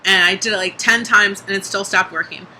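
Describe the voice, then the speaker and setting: Chatty young vlogger with a very bright voice. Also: mid-range voice, steady tone, fairly quick, slight background noise, poor audio. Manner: chatty, heavy use of "like", casual swearing. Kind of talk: casual video diary.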